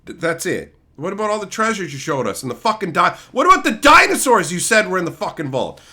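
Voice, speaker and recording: A man's voice: high-pitched, big pitch swings, fast, sharp tone. A young man streamer ranting in a sarcastic, profane, mocking way. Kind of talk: ranting commentary.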